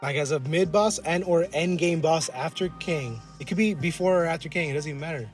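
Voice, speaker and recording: A man co-hosting a casual podcast, rambling and swearing as he riffs and acts out characters in quick asides. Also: fairly high pitch, soft background music. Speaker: podcast co-host. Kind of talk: casual chat. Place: collectibles shop.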